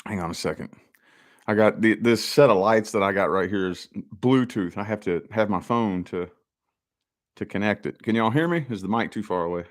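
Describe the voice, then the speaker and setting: Speaking directly to viewers at a moderate pace, a man with a lowish voice rambles easily through a casual live stream he hosts from his home office.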